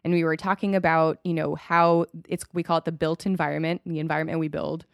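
A woman who grew up between Los Angeles and Europe, a public health guest talking in a thoughtful, relaxed way. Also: sits low, a little fast, vocal fry, dry recording, clean studio sound. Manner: thoughtful, relaxed, lightly laughing. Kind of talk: casual interview chat.

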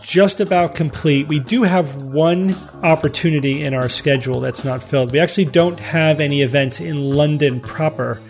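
A man's voice: on the high side, normal speed, few pauses, faint music behind. A man hosting a podcast panel, talking casually and easily with the odd filler. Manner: relaxed, conversational, easy fillers. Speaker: podcast host.

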